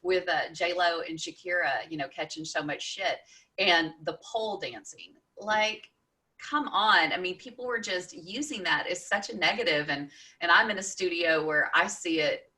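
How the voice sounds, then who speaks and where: An enthusiastic woman hosting a relaxed interview, cheering her guest on as she talks. Her voice sits a little low yet comes across bright and forward. She keeps the chat lively and warm in tone. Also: normal speed. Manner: enthusiastic, chatty, encouraging. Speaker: podcast host.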